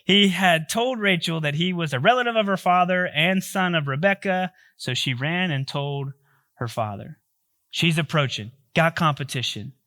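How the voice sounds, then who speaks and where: A man's voice: on the high side, moderate pace, sharp tone. A male pastor giving a sermon, telling a story in a joking, conversational way.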